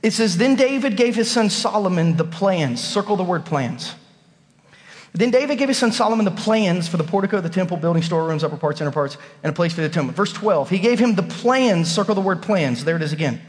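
Pastor, man, 30s, high voice, animated storyteller, church sermon with long hall echo. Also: fast. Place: church sanctuary.

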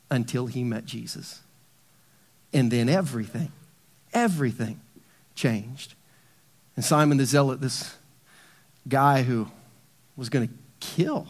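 A middle-aged man preaching a sermon in a church, swinging between hushed low emphasis and loud bursts. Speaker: pastor.

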